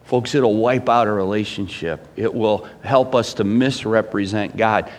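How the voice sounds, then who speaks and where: A middle-aged man preaching a sermon as pastor, emphatic, swinging between loud bursts and hushed lines. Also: lowish voice, measured pace, few pauses.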